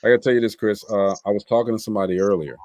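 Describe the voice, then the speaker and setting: A man's voice: fairly low pitch, fairly even intonation, racing, a little mellow, dry recording. A man hosting a casual livestream chat, telling stories with playful teasing. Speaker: host.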